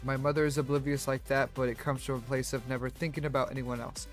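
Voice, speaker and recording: A man streaming, telling a story in a rambling, animated way with many restarts and fillers. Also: medium pitch, fast, soft background music. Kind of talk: casual storytelling on a live stream.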